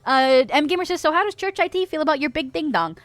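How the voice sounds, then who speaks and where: Young american woman chatting w her stream, stuffy nose, kinda high voice, laughs a lot, dead dry mic. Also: fast talker, no echo. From United States. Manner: laughs often, swears casually, animated. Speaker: streamer reading chat. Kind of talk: casual chat.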